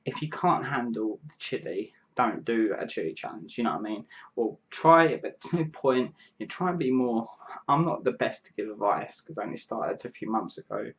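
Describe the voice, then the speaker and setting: A man's voice: mid-range voice, animated, normal speed. A 22-year-old man, casually answering viewer questions to camera, rambling and restarting his sentences. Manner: rambling, restarts sentences, frequent "you know what I mean". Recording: dull lo-fi mic.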